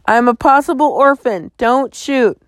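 A woman's voice: sits high, measured pace, no room sound, studio quality, voice pushed up. A woman reading a bold, earnest young girl who plays at being a professional detective. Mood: pleading. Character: spunky young girl sleuth, bold and formal.

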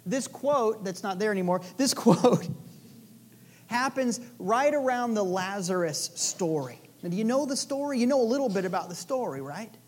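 Woman preacher, casual chatty sermon, playful storyteller, mid-pitched voice. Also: lively intonation, moderate pace, a little mellow. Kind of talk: conversational sermon.

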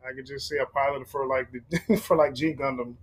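A man's voice: mid-range voice, fairly even intonation, brisk. A man hosting a casual sneaker podcast, laughing often and riffing on jokes. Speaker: podcast host. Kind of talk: casual chat.

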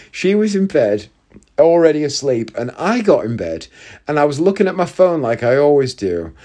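A man in his forties telling funny personal stories in a casual, chatty way, breaking into loud laughter often. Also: medium pitch. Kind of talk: casual storytelling monologue.

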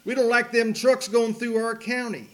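A man putting on the voice of a stern, gruff rural county lawman while telling a story. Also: extremely high pitch, little pitch movement, normal speed, voice pushed up.

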